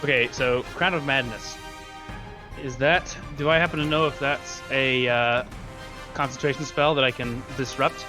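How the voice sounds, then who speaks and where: A man playing a tabletop game, upbeat and giggly, thinking out loud. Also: mid-range voice, fairly even intonation, normal speed, over music. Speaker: player.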